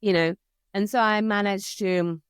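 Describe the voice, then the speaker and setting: A woman with an Italian accent, a language teacher, chatting in an interview and telling stories lively, acting out her children's voices. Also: mid-range voice, a little slow, clean tone, no echo, studio quality. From Italy. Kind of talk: casual conversation.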